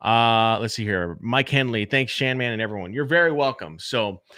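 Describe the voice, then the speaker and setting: A man's voice: mid-range voice, animated, moderate pace, sharp tone, dry recording, clean studio sound. A man hosting a casual live-stream Q&A about podcasting, chatting loosely and speaking straight to his viewers. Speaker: podcast host.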